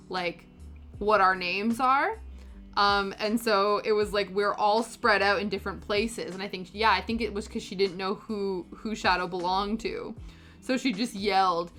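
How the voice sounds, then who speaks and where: A woman in her thirties with a medium-pitched, fairly bright voice chats casually while painting her nails. She's a nail-painting vlogger who rambles through her story with lots of fillers.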